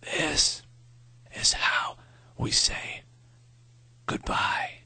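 A man voicing a frail, dying old male professor with a thin, raspy, whispery voice, speaking in short breathy bursts. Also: drawn-out words, bright, forceful tone, dry recording, heavily acted. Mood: frail, tender.

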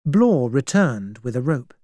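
A man reading a story aloud in a clear, measured way. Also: medium pitch, big pitch swings, dark tone, no room sound, studio quality. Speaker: narrator. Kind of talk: scripted storybook narration.

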